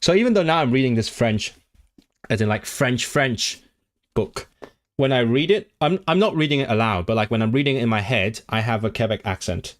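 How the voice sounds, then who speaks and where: This man's mid-range voice moves fairly quickly and with lively intonation as he hosts an informal language-learning stream. Eager about languages, he rambles, restarts frequently, and reads his viewers' chat aloud.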